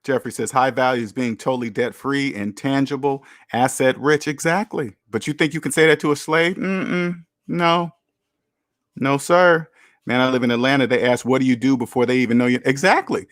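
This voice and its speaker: A man hosts a casual livestream, reads out viewer comments and answers them in an emphatic, repetitive way, firing off rhetorical questions. His voice sits at an ordinary pitch for a man. The sound is dry and close, with almost no room echo. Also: steady tone, normal speed, fairly bright tone. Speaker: channel host reading chat comments. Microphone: camera mic.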